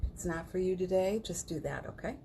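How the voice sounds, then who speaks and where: Hosting a morning livestream, a woman with a lowish voice leads a guided healing practice, speaking fast yet gently. She softly repeats phrases, often dropping to a near whisper, and adds casual, encouraging asides, with a little hiss or hum on the audio.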